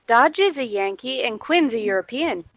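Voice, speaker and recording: A woman's voice: a little high, animated, normal speed, a crowd in the background. A woman in casual group chat, teasing and giggling.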